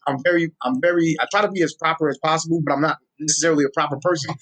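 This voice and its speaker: A young man speaking in a New York accent, in a somewhat raised voice. He talks in a casual, street-flavored way, full of energy, repeating words and restarting sentences as he explains things. He sounds relaxed and ready to teach. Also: a little high, very fast. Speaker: guest, social media Tolkien explainer. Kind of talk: casual interview talk.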